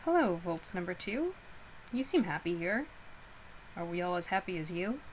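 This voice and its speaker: A woman voicing a weary but hopeful young woman in a storybook reading, speaking softly and lightly. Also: lowish voice, very animated, normal speed, slight background noise, rough recording. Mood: gentle.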